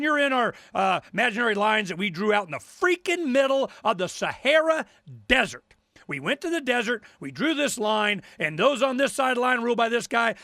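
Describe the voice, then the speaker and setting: High-pitched ranting male talk host. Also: no room sound, clean studio sound. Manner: ranting, sarcastic, repeats himself, rising to shouts. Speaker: radio talk show host. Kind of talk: angry radio rant.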